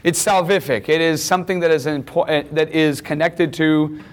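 A man's voice: on the high side, fairly even intonation, moderate pace. A man teaching a class, lecturing in a conversational way and often checking in with questions.

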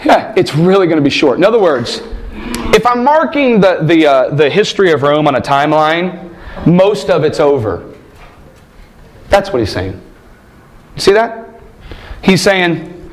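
A man's voice: fairly high pitch, very animated, normal speed, long pauses. A man teaching a Bible class, asking rhetorical questions and stressing points emphatically. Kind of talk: classroom lecture.

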